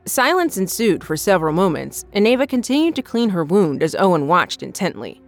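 Woman narrator, lowish pitch, steady scripted horror storytelling. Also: brisk.

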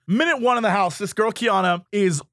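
A man's voice: sits high, fairly quick, fairly bright tone, dry recording, clean studio sound. A man co-hosting a casual chat, telling a story animatedly and laughing often. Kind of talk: casual chat recapping a reality show.

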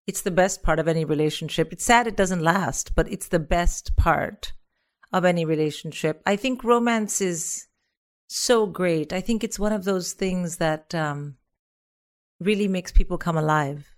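A middle-aged woman with a soft, soothing voice, chatting reflectively as a podcast guest. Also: lowish voice, a little slow. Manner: reflective, rambling with restarts. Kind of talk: casual chat.

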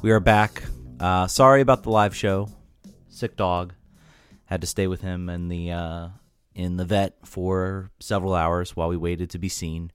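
A man hosting a casual sports podcast, animated and quick to laugh, often repeating himself as he talks. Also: low voice, smooth, no echo, faint music behind. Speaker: podcast host.

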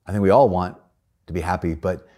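A man's voice: a little fast, mellow. A male priest giving a conversational homily, earnest, often repeating and restarting his words and acting out quoted voices. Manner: acts out quoted voices in a raised pitch.

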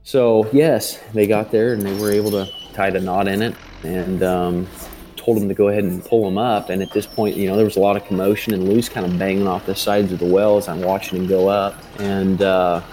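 Low, dark-voiced man recounting slowly. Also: flat delivery, slight background noise. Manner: halting, full of fillers and restarts. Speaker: father telling his rescue story. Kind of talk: interview testimony.

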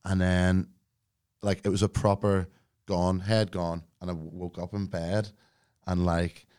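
A man, a podcast guest, telling a story in casual chat, animated, acting out quoted lines and laughing as he goes. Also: sits low, unhurried, clean tone.

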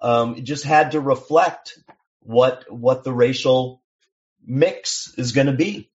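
A male songwriter guest from Seattle with a mid-pitched voice, talking in a measured, explanatory way and often restarting his sentences. The sound is dull and lo-fi. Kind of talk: casual interview chat.

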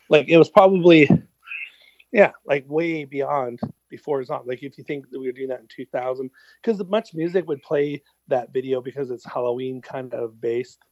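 A man's voice: mid-range voice, normal speed, a little mellow, dry recording. Rambling middle-aged man, swearing casually. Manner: rambling, heavy on fillers and swearing. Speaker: musician guest. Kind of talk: casual interview storytelling. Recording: dull lo-fi sound.

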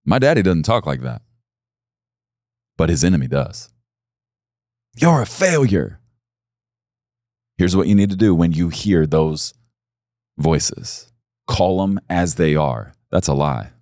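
A middle-aged man delivering a sermon in a low, deep voice, unhurried and deliberate. He speaks earnestly and intimately, then rises to emphatic peaks. The sound is dry and close. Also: expressive, a little mellow, no echo. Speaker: pastor.

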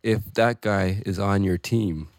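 Podcast co-host, young adult man, deep voice, reflective and jokey, dry studio sound. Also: steady tone, unhurried, darkish tone, no room sound. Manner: self-deprecating, musing, laughs often. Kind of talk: casual chat. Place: small recording room. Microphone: headphones and studio mic.

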